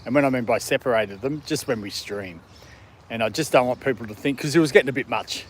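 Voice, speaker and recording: A man's voice: mid-range voice, fast. Laid-back Australian man, mid-range voice, chatting easily outdoors with faint background noise. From Australia, country town. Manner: relaxed, rambling, chuckles often, coos at his dog. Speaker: dog livestream host. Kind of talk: casual outdoor livestream chat. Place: outdoors in a city park in the evening.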